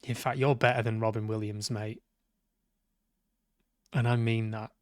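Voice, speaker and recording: Brit guy streaming a game, slow mumbly sarcastic chatter, cussing at the characters, dry sound. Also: lowish voice, little pitch movement, darkish tone, no room sound. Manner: sweary, sarcastic, talks back at the characters. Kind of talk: live let's-play commentary.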